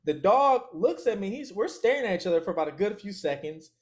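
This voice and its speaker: An interview guest with a slightly raised, high-pitched male voice tells a story casually. He keeps it loose and lively, laughs often, and slips into quick voices for other people's lines.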